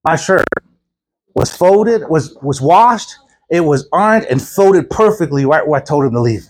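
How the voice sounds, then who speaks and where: A man's voice: fairly high pitch, measured pace. A man preaching a storytelling sermon, acting out the voices in his story and laughing often with the congregation. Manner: animated, acts out quoted voices.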